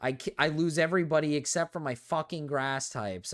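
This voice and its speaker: A man's voice: on the high side, a little fast, hardly any pauses, a bit bright. A man streaming a game while reacting to a video, swearing and ranting in frustration. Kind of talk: casual live-stream chatter.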